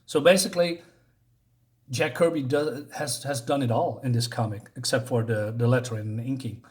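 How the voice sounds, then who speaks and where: A man casually reviewing a comic book, paging through it while pausing often to search for words. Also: mid-range voice, steady tone. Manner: halting, searches for words, many fillers.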